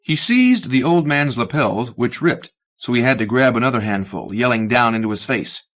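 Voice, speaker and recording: A man reading a short story aloud as an audiobook narrator, measured and expressive. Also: mid-range voice. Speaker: audiobook reader. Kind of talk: scripted narration.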